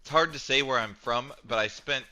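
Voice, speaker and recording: A man's voice: mid-range voice, normal speed, bright, forceful tone, low-quality recording. A man in casual gaming chat, talking in a dry, matter-of-fact way. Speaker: streamer guest.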